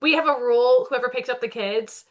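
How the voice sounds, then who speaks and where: A woman in her thirties co-hosting a podcast, chatting casually and describing herself as loud and talkative. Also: fairly high pitch, a little fast, dull audio. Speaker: podcast co-host. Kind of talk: casual chat.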